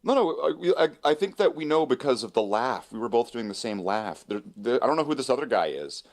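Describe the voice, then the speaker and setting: A man chatting casually as a co-host, rambling from one thought to the next and laughing often. His pitch swings widely, rising high when he is amused, while his voice sits at an ordinary middle pitch. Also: big pitch swings, brisk. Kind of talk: casual chat.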